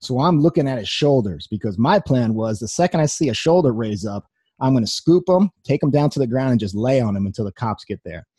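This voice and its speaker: A man's voice: medium pitch, lively intonation, brisk, mellow, slightly rough, no echo, clean studio sound. A young man giving a personal testimony talk, telling his story earnestly with wry humor.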